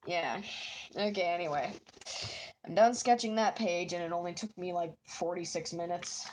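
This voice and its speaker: A woman's voice: fairly low pitch, fairly even intonation, moderate pace, a little mellow, slight background noise. A woman with a stuffy nose, chatting casually with live viewers while she draws, giggly and poking fun at herself. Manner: giggly and self-mocking. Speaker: artist streaming while drawing.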